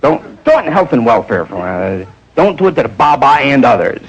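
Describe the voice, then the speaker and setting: A stand-up comedian of about forty delivers an improvised monologue in a mid-range, sing-song voice at a moderate pace, and the audio is dull. He rambles and digresses, muttering asides along the way.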